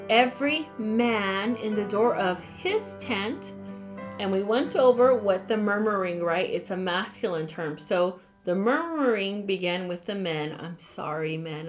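A woman leads a relaxed Bible study at a medium pitch, reading verses and breaking off into chatty, apologetic asides. Quiet music plays faintly beneath her voice. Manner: chatty, apologetic asides, reads scripture aloud. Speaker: Bible teacher. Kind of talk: casual Bible study talk.

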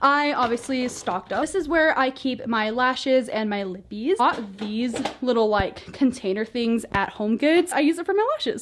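A woman in her twenties talks in a casual, bubbly way as she shows off her bedroom. Her voice sits a bit high, and she fills her sentences with "like" as she rambles. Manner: bubbly, chatty, lots of fillers like "like". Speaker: vlogger giving a room tour. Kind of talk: casual chat. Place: bedroom at home.

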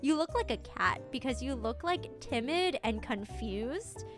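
Chatty high-voiced young woman streamer. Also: unhurried. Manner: chatty and animated, with dramatic retellings. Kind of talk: casual chat with a guest. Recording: stream audio with background music.

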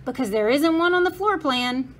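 A clever, eager schoolgirl talks in a bright, quick, sure-of-herself way in a fairly high voice, read aloud by a woman. She sounds like a storybook puzzle-solver. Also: lively intonation, a little hiss or hum.

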